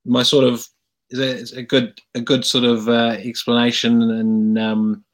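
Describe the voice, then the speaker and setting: A middle-aged man from New Zealand with a New Zealand accent, hosting a casual interview and telling a story in a lively, animated way with many fillers. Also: medium pitch, unhurried. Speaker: podcast host.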